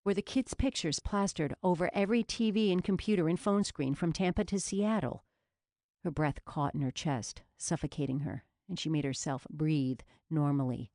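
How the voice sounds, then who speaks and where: A woman reading an audiobook in a steady, measured narration. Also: sits low, dry recording, studio quality.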